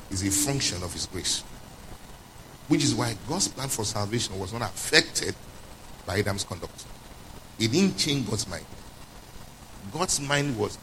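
A man's voice: on the low side, fairly bright tone, a little hiss or hum, poor audio. A man preaching a sermon who stresses his points, repeats them, and asks his listeners questions as he goes. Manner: emphatic, repeats key points, quizzes listeners. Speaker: pastor.

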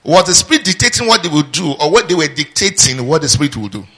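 A man's voice: a little high, quick pace, husky. A man preaching a sermon, drawing call-and-response answers from the congregation. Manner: call-and-response, asks the congregation to finish his sentences; lively teaching with asides and laughter.

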